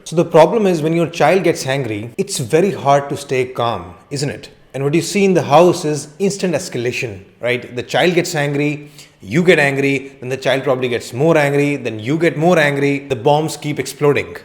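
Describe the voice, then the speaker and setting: A man's voice: medium pitch, moderate pace. A man, a counselling psychologist, giving a conversational educational talk to camera and often asking rhetorical questions.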